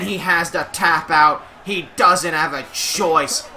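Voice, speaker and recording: A young man doing energetic play-by-play commentary over a wrestling video game, shouting at the big moves, his voice going a little rough from use. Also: on the high side, slow pace, hardly any pauses.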